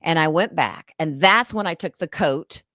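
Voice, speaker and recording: An animated woman with a slightly low voice tells an emotional personal story as an interview guest. She recounts it dramatically. The sound is close and dry. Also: moderate pace, no echo. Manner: animated, dramatic, acts out past conversations. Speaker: guest, actress and author.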